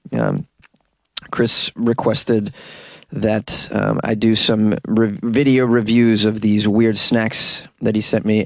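Playful rambling podcast host, dry close mic. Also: male voice, mid-range voice, no echo. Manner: playful, rambling, breaks into silly singing. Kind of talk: casual solo podcast chat.

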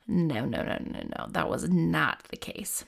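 A woman's voice: deep voice, animated, a little slow, creaky. A woman in her thirties telling a personal story in a casual, rambling, candid way, full of "like" fillers.

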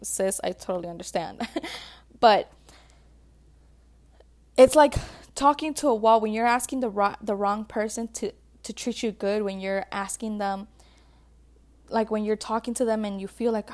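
A woman speaking in a somewhat high voice, talking straight to her viewers in a casual, heartfelt way. She is chatty and emotional, with plenty of fillers and friendly pet names. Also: normal speed. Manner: chatty, emotional, calls viewers sis and babe, many likes. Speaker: vlogger giving relationship advice.

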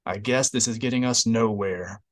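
A man voicing a petty, self-important male Imperial interrogator, slow and menacing. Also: lowish voice, close to an everyday voice.

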